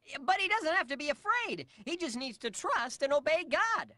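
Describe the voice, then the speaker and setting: A sensible cartoon tomato who speaks patiently and pauses on "uh"s. His bright, high voice moves with lively pitch, and the recording is close and dry. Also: no echo, heavily acted. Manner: patient, hesitant, lots of "uh". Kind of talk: cartoon voice acting.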